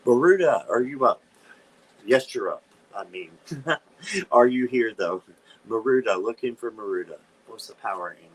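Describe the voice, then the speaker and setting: A man's voice: fairly low pitch, lively intonation, normal speed, slight background noise. A man hosting a live-stream tarot reading, chatty and given to dramatic squeals of disgust. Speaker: tarot reader, channel host.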